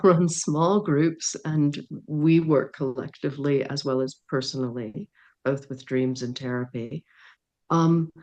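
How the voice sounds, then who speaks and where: A middle-aged woman who works with dreams tells a personal story as a guest in a podcast interview, acting out the dialogue and laughing often. Her voice is deep and a little mellow.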